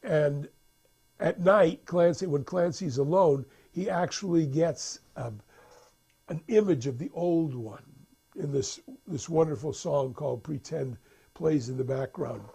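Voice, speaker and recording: A man's voice: a little high, measured pace, vocal fry, warm tone, breathy edge. A man casually retelling a film's plot, rambling with many restarts and acting out the characters' lines. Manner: rambling, full of restarts and fillers, acts out quotes. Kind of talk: casual storytelling.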